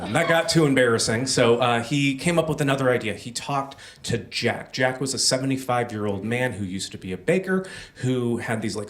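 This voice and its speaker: A man's voice: medium pitch, a bit bright, far from the mic. A young man telling a personal story on stage at a live storytelling show, casual and self-deprecating, with many fillers.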